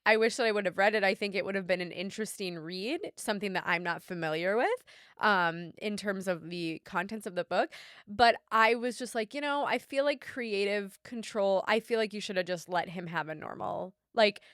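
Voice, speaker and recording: A young woman co-hosting a casual podcast, telling stories in an animated, laughing way with plenty of swearing. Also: medium pitch, normal speed, dry recording, studio quality. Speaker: podcast co-host. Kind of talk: casual chat.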